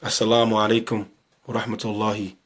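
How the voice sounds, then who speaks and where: A weary, emotional man speaks in a lowish monotone at a quick pace, ending his appeal for community donations with an earnest, impassioned exhortation. He repeats himself and asks pleading questions.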